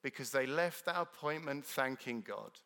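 An earnest man delivers a sermon with a bright, forceful tone. His voice rises to emphatic declarations and drops to hushed words. The long reverb of a large church hall trails behind him. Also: mid-range voice, expressive, moderate pace. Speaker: preacher.

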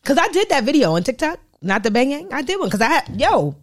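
A young woman co-hosts a casual podcast in an animated, playful way. Her pitch swoops widely as she jokes and laughs with her friend. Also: fast talker. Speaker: podcast co-host. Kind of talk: casual chat.

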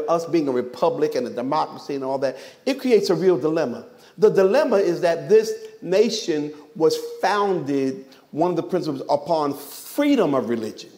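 A man's voice: on the high side, a little mellow. A man preaching a sermon as pastor, emphatic, firing off rhetorical questions and dropping joking asides.

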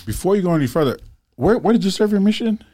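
A man's voice: sits high, quick pace. Guy co-hosting, laughy, voice bounces up and down a lot. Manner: animated, laughing. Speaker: co-host. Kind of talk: casual chat.

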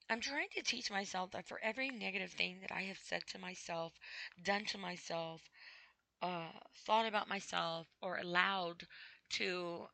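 A woman hosting a podcast, talking slowly and haltingly about her own feelings, with a dry throat that she clears often. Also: fairly low pitch, sharp tone, poor audio. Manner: slow, halting, with frequent throat clearing and sighs. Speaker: podcast host. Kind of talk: personal spoken reflection.

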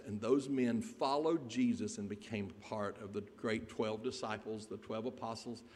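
A man preaching a sermon, telling a Bible story in an animated way and putting questions to the congregation. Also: lowish voice, normal speed, few pauses. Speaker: pastor. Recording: echoey hall.

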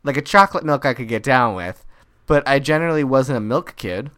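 A man co-hosting a podcast in casual chat, riffing and quoting others in quick voices. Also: mid-range voice, lively intonation, a bit bright, clear, resonant tone. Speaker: podcast co-host.

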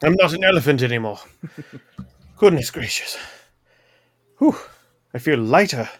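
A man's voice: fairly high pitch, animated, a little slow. A man playing a tabletop game, musing tentatively. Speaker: player.

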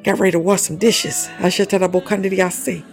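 A man's voice: high voice, level tone, moderate pace, creaky, soft background music. A man preaching an emotional sermon, exhorting his listeners, laughing often and breaking into tongues between lines. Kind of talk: fiery sermon.

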